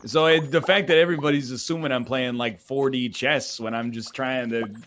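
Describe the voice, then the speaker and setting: A man's voice: mid-range voice, fairly even intonation, a little fast, a bit bright, a little hiss or hum. A man streaming games, chatting casually in a wry, mock-aggrieved rant. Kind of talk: casual chat.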